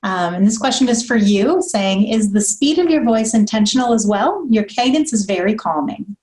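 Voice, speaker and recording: A woman's voice: medium pitch, lively intonation, normal speed, darkish tone, low-quality recording. A woman moderating an online session, reading out audience questions in a brief, matter-of-fact way.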